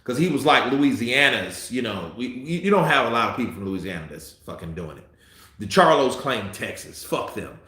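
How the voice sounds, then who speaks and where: Tipsy guy cussing over a boxing fight live, bright voice, super animated, echoey room. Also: medium pitch, normal speed. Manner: profane, heated, swings between muttering and shouting. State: a little tipsy. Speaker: boxing commentator. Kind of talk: live fight-watching commentary.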